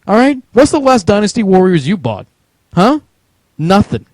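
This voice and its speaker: A man's voice: high-pitched, sing-song, normal speed, darkish tone, dry recording. Swearing, ranting man with a Jersey accent. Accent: New Jersey. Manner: heated, sweary, mocking. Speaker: podcast co-host. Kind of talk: profane ranting chat.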